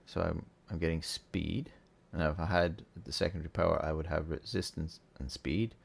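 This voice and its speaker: A man hosting a relaxed, chatty game tutorial, thinking aloud as he plays. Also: a bass voice, normal speed, creaky, breathy edge. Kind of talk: casual gameplay tutorial.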